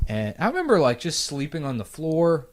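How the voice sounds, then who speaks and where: A man's voice: fairly high pitch, wildly swooping pitch, brisk, no room sound. A man co-hosting a comedy podcast, chatting in a rambling, profane way. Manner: rambling, profane, drops into silly voices. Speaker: podcast co-host. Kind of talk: casual podcast banter.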